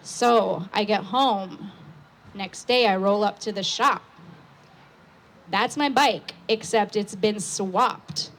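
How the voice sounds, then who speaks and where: A young woman on an outdoor patio stage, telling a story into a microphone, loud and excitable with lots of fillers. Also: mid-range voice, slow pace.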